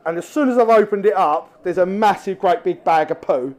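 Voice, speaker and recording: A man telling animated, laughing stories as a guest angler at a live talk on stage. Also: high voice, a little fast.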